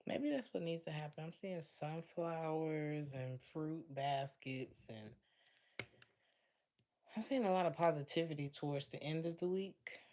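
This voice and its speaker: Woman tarot reader, low voice, chatty and laughs a lot, talks right to her audience. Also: unhurried, dark tone. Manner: chatty, laughs often, speaks straight to listeners. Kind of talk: casual tarot reading to viewers.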